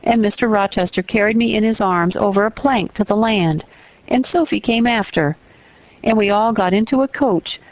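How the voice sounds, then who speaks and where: Woman putting on an excitable little French girl. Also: mid-range voice, normal speed, no room sound, highs cut off, close to an everyday voice. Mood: chattering.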